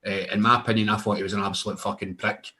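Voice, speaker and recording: A young Scottish man with a fairly low voice tells loose, rambling wrestling stories. He stops and restarts often and laughs as he goes. The talk is relaxed and conversational. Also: very fast. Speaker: wrestler guest. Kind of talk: casual interview chat.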